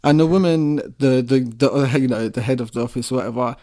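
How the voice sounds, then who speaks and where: A man co-hosting a podcast in loose, uncensored banter. His voice sits in an ordinary middle pitch, and he rambles from point to point, swearing casually and keeping things laid-back. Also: fast talker, dark tone. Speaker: podcast co-host. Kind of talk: casual chat.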